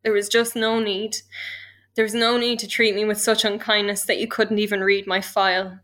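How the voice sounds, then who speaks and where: A young woman with an Irish accent tells her own story in a candid, emotional way. Her voice is bright and forceful, and her pitch sits in an ordinary middle range. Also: flat delivery, moderate pace. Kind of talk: personal account.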